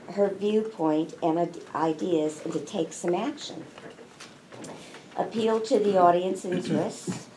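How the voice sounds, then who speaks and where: A woman serving as evaluator, reading a speaker's objectives aloud in a measured way. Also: mid-range voice, warm tone, a little hiss or hum, low-quality recording. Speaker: speech evaluator. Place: meeting room.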